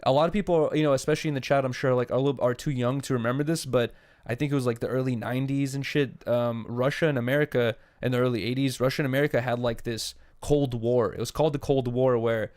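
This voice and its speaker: A man's voice: medium pitch, fairly even intonation, quick pace, darkish tone. A young man co-hosting a podcast, chatting casually with lots of fillers and swearing. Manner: rambling, filler-heavy, swearing. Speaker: podcast co-host. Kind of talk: casual chat.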